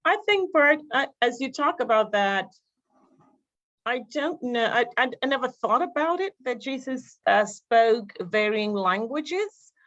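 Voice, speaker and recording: A woman's voice: a little high, animated, measured pace, a bit bright, highs cut off. A woman panelist in a casual discussion, musing aloud in a reflective way.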